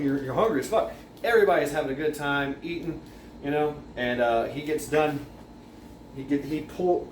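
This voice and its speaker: Guy rambling through a story, lots of restarts and boom-boom sound effects, echoey room, faint noise. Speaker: vlogger. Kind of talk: casual storytelling. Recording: roomy echo, faint background noise.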